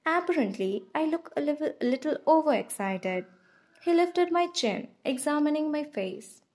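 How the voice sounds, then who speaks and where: A woman narrating an audiobook in the first person, reading in a slow, hushed, intimate way. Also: sits high, lively intonation.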